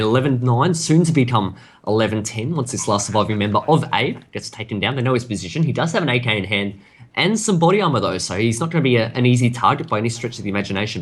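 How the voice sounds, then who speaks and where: A man's voice: mid-range voice, slight background noise. A man giving analytical color commentary on a live esports match, breaking down tactics in detail.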